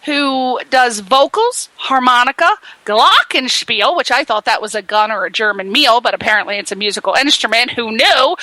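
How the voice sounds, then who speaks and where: A woman's voice: pushed and bright, dry recording, low-quality recording. A woman hosting a radio talk show, chatty and jokey, rambling through plugs and introductions. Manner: bubbly, jokey and rambling, with big swoops of pitch. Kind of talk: chatty radio host patter.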